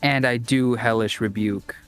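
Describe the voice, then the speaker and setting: A man's voice: medium pitch, fairly even intonation, a little slow, fairly bright tone, smooth, no echo, soft background music. Joking man playing a tabletop game. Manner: playful, joking, laughs while speaking. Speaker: player. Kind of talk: casual chat in a tabletop game.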